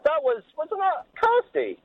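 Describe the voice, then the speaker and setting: Excitable male caller on a dry phone line. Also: extremely high pitch, a little slow, no echo. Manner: excitable, rambling. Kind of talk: casual phone-in chat.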